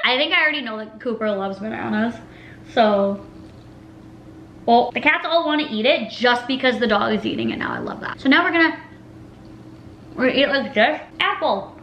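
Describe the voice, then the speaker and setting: A woman's voice: a little high, expressive, fast, a bit bright, reverberant, dull audio, a little hiss or hum. A woman in her twenties chatting casually in a vlog, rambling through her stories with lots of "like" and "literally". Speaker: vlogger. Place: home room with a table.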